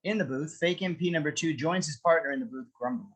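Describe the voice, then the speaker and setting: Man narrating a script reading, fairly high voice, steady, descriptive. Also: fast talker, husky, rough recording. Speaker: narrator reading stage directions.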